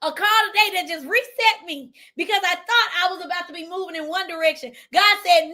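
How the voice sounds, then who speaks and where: A woman's voice: very high voice, brisk, few pauses, sharp tone. A woman from Memphis with a Southern accent, giving an emphatic motivational livestream talk as a business coach, repeating lines for effect. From Memphis, Tennessee, US.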